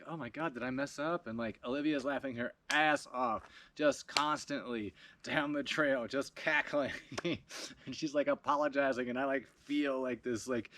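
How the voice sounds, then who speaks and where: Man, video blogger, casual storytelling, animated, laughs a lot, swears freely. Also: fairly high pitch.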